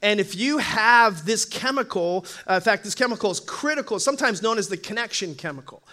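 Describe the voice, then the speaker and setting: A male pastor preaching a humorous sermon in church, telling animated stories and acting out voices with frequent laughter. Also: sits high, brisk. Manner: animated storytelling, acts out voices, laughs often.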